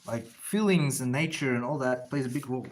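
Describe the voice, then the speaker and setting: A man's voice: medium pitch, a little fast, background noise. A man streaming while he inks comic pages, chatting loosely and profanely and answering viewers as he works. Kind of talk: casual rambling livestream chat.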